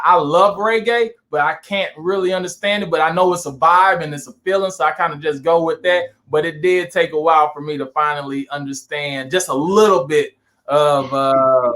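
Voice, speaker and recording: A man from Saint Louis, a guest in a casual interview, telling animated anecdotes with lots of fillers. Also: a little high. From Saint Louis, USA. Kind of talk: casual storytelling chat.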